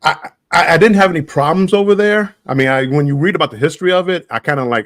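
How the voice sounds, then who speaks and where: Halting American man chatting casually. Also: a little high, a bit bright, no echo, clean studio sound. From United States. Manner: halting, repeats words, chuckling storyteller. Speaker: guest. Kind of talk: casual livestream chat.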